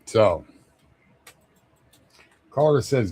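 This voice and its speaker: A man from Ohio chats through a casual live stream in a lowish voice. He takes his time, drifting from one thought to the next and chuckling between greetings to his viewers. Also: lively intonation, slow, dry recording. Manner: rambling, chuckles often, greets chat viewers by name. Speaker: livestream host.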